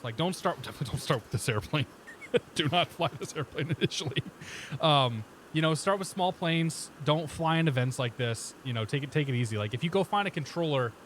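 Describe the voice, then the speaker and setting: A man's fairly high voice plays against a little hiss or hum. Relaxed and talkative, he streams a flight sim and reads back clearances in radio style, his accent vaguely Midwestern with a hint of Boston.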